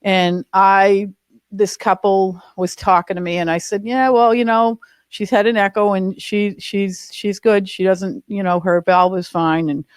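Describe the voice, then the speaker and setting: A woman's voice: mid-range voice, fairly even intonation, unhurried, smooth, no echo. A woman sharing a personal story in a spiritual group, emphatic and earnest. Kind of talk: personal testimony.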